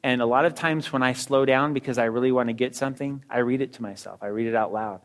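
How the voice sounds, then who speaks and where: A middle-aged man teaching in a casual, conversational way, talking about reading books and speaking straight to his listeners with quick asides and rhetorical questions. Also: mid-range voice, steady tone. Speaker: teacher discussing a book on reading.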